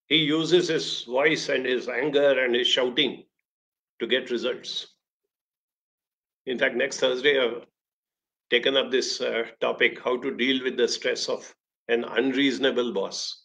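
A man tells stories in an emphatic, conversational way while giving a motivational talk. His voice is gravelly and sits at a middle pitch. The recording sounds dull and lo-fi. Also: fairly bright tone. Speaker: speaker, talk host.

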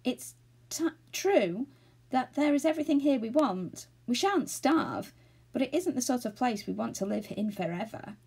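A woman reading aloud and voicing a gentle, worried little fairy girl. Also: a little high, animated, moderate pace, slightly rough, pitched above the performer's own voice. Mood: sad. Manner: anxious and soft-hearted.

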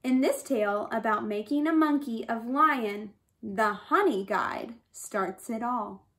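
Slow expressive woman storyteller. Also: fairly high pitch. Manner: expressive, with sound effects. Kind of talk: reading a folk tale aloud.

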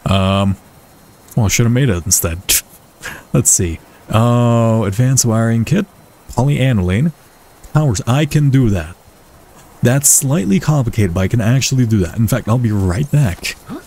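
A man's voice: mid-range voice, animated, measured pace, pauses often, darkish tone. A man giving casual, chatty commentary over his own gameplay, swearing freely and talking to the creatures on screen, from a desk mic. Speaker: let's play gamer.

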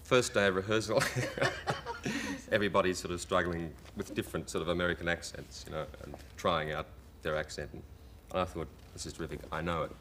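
A man who is a guest on a television talk show, telling a story in a lively way, laughing often and putting on accents. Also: sits low, brisk, a little hiss or hum. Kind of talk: anecdotal chat show storytelling.

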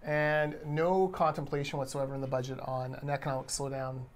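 A man's voice: medium pitch, little pitch movement, brisk. A man co-hosting a casual discussion podcast, giving pointed, conversational commentary. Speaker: podcast co-host.

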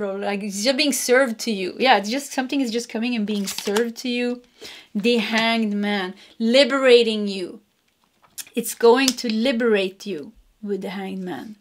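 Chatty woman giving a tarot reading. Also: a little high. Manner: chatty, laughs often, repeats phrases. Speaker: tarot reader. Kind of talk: casual pick-a-card tarot reading.

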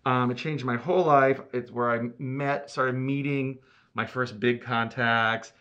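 Bright-voiced flamboyant storyteller, a man. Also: medium pitch, steady tone, unhurried, muffled recording. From Cape Cod, Massachusetts. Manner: flamboyant storyteller, acts out quotes with big swings. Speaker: guest, theatre producer. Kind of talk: animated anecdote telling.

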